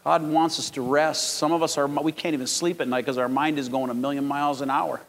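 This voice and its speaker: A man in his fifties preaching a sermon as pastor, telling stories and rising to loud, emphatic peaks. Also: on the high side, fairly even intonation, brisk. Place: large church sanctuary. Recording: long hall reverb.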